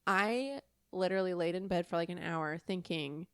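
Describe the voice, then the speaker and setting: A woman's voice: on the low side, normal speed, smooth, no echo. A woman co-hosting a podcast, telling a true story in a casual, rambling way, full of fillers and laughter.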